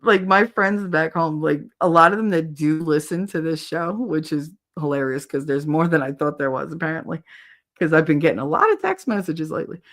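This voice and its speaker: A woman's voice: low-pitched, brisk. A woman co-hosting a livestream, chatting casually and animatedly with viewers. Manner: animated, switches voices and laughs easily. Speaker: livestream co-host.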